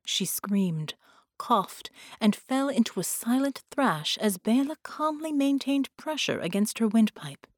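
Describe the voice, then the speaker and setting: A woman narrating an audiobook with a slow, expressive reading. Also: on the high side, no room sound, clean studio sound.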